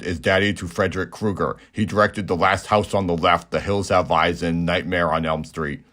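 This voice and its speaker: A man narrating a comedic movie recap in a deadpan, mock-naive way. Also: low voice.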